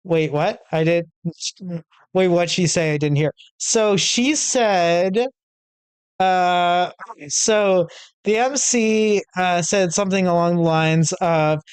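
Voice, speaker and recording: A man's voice: high voice, slow, clean tone, no room sound. A man streaming a visual novel, chatting casually and self-deprecatingly with his viewers.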